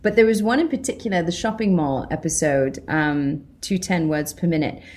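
A woman's voice: deep voice, moderate pace, a little mellow. British woman actress chatting on a podcast, laughs a lot, acts out little quotes. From Britain. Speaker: actress guest. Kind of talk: casual interview chat.

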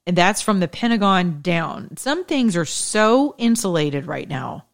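Blunt, snarky political commentator, a woman, smooth resonant voice, emphatic casual monologue. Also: deep voice. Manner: emphatic, repetitive, preachy.

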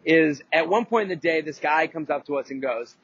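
A man's voice: fairly high pitch, brisk, a bit bright, slightly rough, no room sound, highs cut off. A man hosting a podcast, telling a casual, rambling story full of swearing and restarts. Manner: rambling, profane, lots of restarts and fillers. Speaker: podcast host.

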